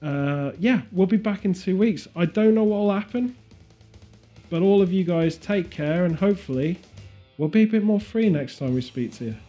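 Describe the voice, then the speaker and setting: A man's voice: sits high, animated, normal speed, dark tone, soft background music. A man hosting a podcast in a casual, jokey way with playful earnestness. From Britain. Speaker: podcast host. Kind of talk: casual comedic chat.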